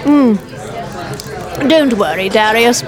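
A woman's voice: a little high, lively intonation, very slow, music in the background, crowd noise. An actress playing a languid, arch noblewoman who drawls her lines in a radio play. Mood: sly. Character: haughty aristocratic lady conspirator, sly and languid.

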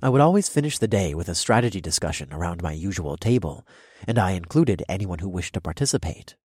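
A man narrating a first-person fantasy audiobook in a steady, measured way on a close studio mic. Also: sits low, slightly rough, dry recording.

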